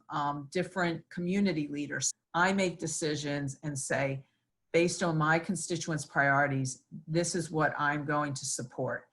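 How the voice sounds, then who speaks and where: A middle-aged woman with a low-pitched voice answers interview questions as a state senator. She talks earnestly, with plenty of ums and restarts. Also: a bit bright. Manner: earnest, with many fillers.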